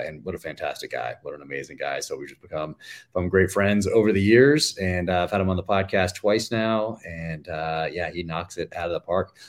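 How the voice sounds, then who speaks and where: Deep-voiced man telling stories. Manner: rambling storytelling with many fillers. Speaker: author guest. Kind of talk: casual podcast interview.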